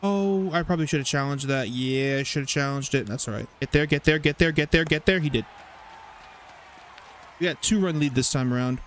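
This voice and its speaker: A young man casually commentating his baseball video game, rambling, swearing and getting excited over plays. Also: fairly high pitch, fairly quick, slight background noise. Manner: chatty, rambling, profane, excitable. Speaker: gaming YouTuber. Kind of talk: casual let's-play commentary.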